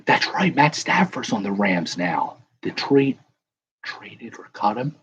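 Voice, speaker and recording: A man's voice: lowish voice, sing-song, slow, fairly bright tone, muffled recording, slight background noise. A man hosting a casual live chat, rambling and correcting himself as he answers viewers. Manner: rambling, self-correcting, chuckling. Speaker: livestream host.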